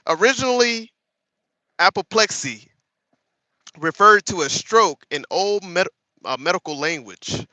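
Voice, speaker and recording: A man in his thirties hosts a casual live-stream commentary. He talks straight to his chat and laughs often. His voice is high, lively and very bright, with a dry, close sound. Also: unhurried, long pauses, no room sound. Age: 30s. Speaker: host.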